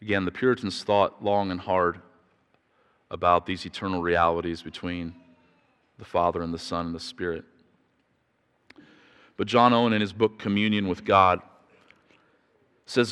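A man preaching a sermon, telling a family story in a chatty, halting way, with repeated words and restarts, and growing louder when he gets excited. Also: sits low, clean tone. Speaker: pastor. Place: church sanctuary. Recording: reverberant church hall.

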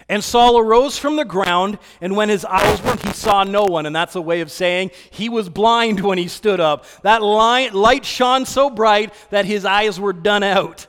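A man pastor preaching a relaxed, conversational sermon, telling stories with fillers and restarts. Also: sits high, unhurried, few pauses, clear, resonant tone. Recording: long reverb of a hall.

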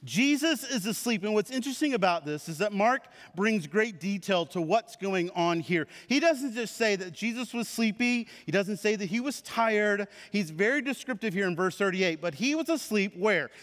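A man preaching a sermon to his church, with animated storytelling. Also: high voice, normal speed, hardly any pauses. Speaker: pastor. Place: church sanctuary. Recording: reverberant hall.

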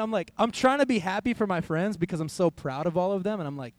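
A man's voice: a little high, animated, fast talker, few pauses. A young man, a youth pastor, giving a conversational sermon in a church hall, telling a personal story and quoting his own thoughts.

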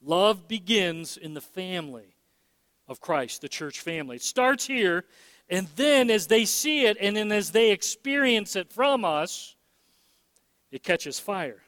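Man preaching a sermon, high voice, smooth and resonant, emphatic, long hall reverb. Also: animated, a little slow, a bit bright. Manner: emphatic, repeats words, many fillers. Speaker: pastor.

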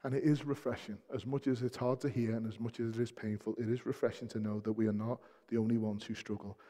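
A man preaching a sermon as pastor, shifting between soft, hushed passages and loud, emphatic peaks, repeating key phrases for weight. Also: mid-range voice, level tone, fast talker. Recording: long hall reverb.

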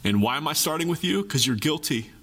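A man preaching a sermon, animated, acting out the voices of complaining people. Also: a little high, fast, breathy edge, big-room sound. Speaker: pastor.

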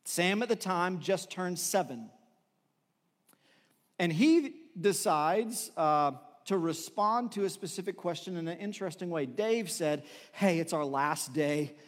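A man's voice: high voice, animated, measured pace, long reverb tail. A man preaching a sermon in a conversational, storytelling way, with filler words and restarts. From Texas. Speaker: pastor.

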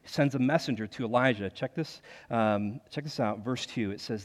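A man's voice: mid-range voice, moderate pace. Casual fired-up preacher guy, says like a lot, medium voice, long echo in a big room. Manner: animated, conversational, heavy use of filler "like". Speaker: pastor. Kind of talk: sermon.

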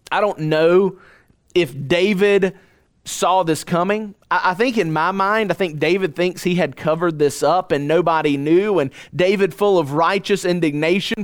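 A man preaching an earnest sermon, reading scripture aloud and pausing for emphasis. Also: high voice. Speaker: pastor.

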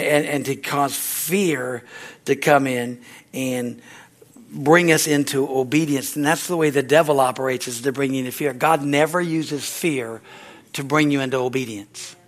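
A man preaches a sermon in an easy, conversational way, his voice sitting a little high. He keeps checking in with the congregation for an amen and acts out the quoted voices in his stories. His voice swells loud at the peaks and falls soft for the quiet points. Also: steady tone, moderate pace. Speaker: pastor.

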